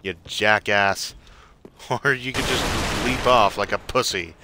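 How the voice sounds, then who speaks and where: A man's voice: on the low side, slow, pushed and bright, a little hiss or hum. A man commentating his own gameplay, swearing and trash-talking the enemies with sarcastic jabs. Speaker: gamer playing a game.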